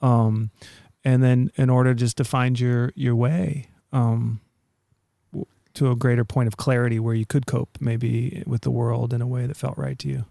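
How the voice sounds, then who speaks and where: A man's voice: mid-range voice, level tone, normal speed, gravelly, mellow, no room sound, clean studio sound. A man interviewing, asking long searching questions with many restarts.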